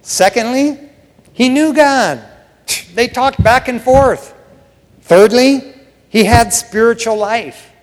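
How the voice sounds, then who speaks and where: Male pastor, high voice, preaches casually, acts out voices from scripture, big hall echo. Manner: swings between hushed emphasis and raised excitement. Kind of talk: sermon.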